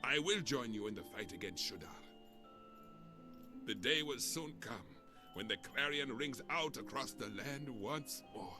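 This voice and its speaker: An actor voicing a dignified older male sage and father who speaks in a formal, measured way, in a game dub with music behind. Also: mid-range voice, expressive, lightly acted. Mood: solemn. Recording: loud game soundtrack behind.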